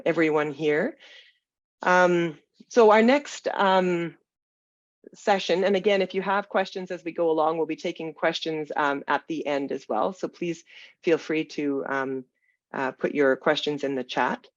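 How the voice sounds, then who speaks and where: Gravelly-voiced webinar moderator, dull dry audio. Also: mid-range voice, no room sound. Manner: halting, hedging delivery. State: throat irritated by smoky air. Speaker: panel moderator. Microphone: video call.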